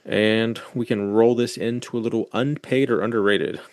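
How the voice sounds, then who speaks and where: A man's voice: medium pitch, steady tone, moderate pace, smooth, no echo, clean studio sound. A man hosting a podcast, chatting casually with profane, joking asides and reading out sponsor plugs. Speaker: podcast host. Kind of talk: casual chat.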